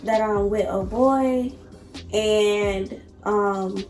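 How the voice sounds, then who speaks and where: A woman's voice: medium pitch, steady tone, drawn-out words, a little mellow, echoey room. A young woman vlogger telling a personal love story to her viewers, candid and emotional.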